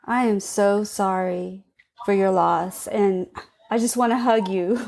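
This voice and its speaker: Gentle, slow-spoken woman host. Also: medium pitch, steady tone, vocal fry. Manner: gentle, sympathetic. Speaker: podcast host. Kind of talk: interview.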